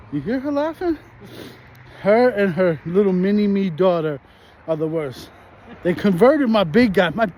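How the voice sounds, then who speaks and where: Laid-back New York guy, high voice. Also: a little mellow, slight background noise. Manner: laid-back slangy rambling, laughs often. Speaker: vlogger host. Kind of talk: casual walk-and-talk chat. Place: outdoors walking a residential street.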